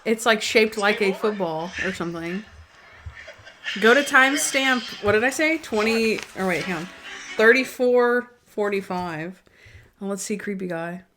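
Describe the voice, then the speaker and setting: A woman co-hosts a casual podcast in an easygoing, chatty way. She giggles often and talks with animated energy, slipping into little impressions as she recaps. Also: mid-range voice, a little slow, noisy background. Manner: giggly, animated, acts out quotes from scenes. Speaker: podcast co-host. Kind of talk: casual chat.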